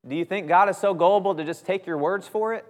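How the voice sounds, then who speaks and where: A man's voice: sits high, fast talker. Man preaching casually in an echoing hall. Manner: conversational preaching, emphatic stressed words, frequent "right?". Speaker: minister. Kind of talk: sermon. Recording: long hall reverb.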